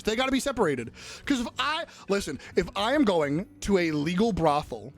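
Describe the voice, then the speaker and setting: A man's voice: high voice, sing-song, moderate pace, soft background music. A young man live-streaming in casual chat, crudely joking and riffing on messages from his viewers.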